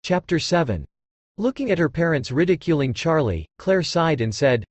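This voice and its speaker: A man narrating a novel as an audiobook in a dramatic, expressive reading style. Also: a little high, moderate pace, dry recording.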